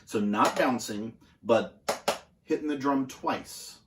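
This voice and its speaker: Male drum instructor, mid-pitched, easygoing and full of fillers; roomy echo. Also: very noisy. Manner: relaxed, halting with many fillers. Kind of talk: casual instructional demonstration. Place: music school practice room.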